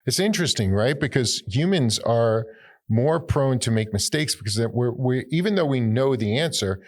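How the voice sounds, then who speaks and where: A man's voice: medium pitch, lively intonation, moderate pace. A man hosting an interview, thinking aloud and often repeating words as he shapes his points. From United States. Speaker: podcast host. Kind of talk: conversational interview.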